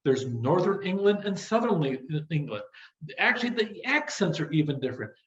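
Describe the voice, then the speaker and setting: An American man, a business instructor, giving a recorded lecture on strategy in a quick, talkative way, repeating the same phrases. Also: on the high side, very animated. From United States. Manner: fast-talking, repetitive "as you go through". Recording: roomy, dull lo-fi audio.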